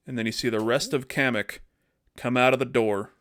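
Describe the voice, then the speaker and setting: Male podcast co-host, mid pitch, animated storyteller pitching movie ideas, casual comedic chat. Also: moderate pace. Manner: animated storytelling, acts out character lines.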